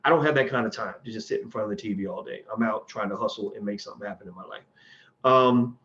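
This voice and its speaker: A fast-talking man with a fairly low pitch and fairly bright tone hosts a laid-back livestream, the audio missing its highs. Answering viewer questions, he's opinionated and blunt, rambling and frequently restarting sentences.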